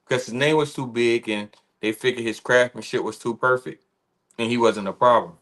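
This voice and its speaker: A man's voice: medium pitch, normal speed, fairly bright tone. A man co-hosting a casual sports chat on a livestream, talking in an assured way. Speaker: co-host.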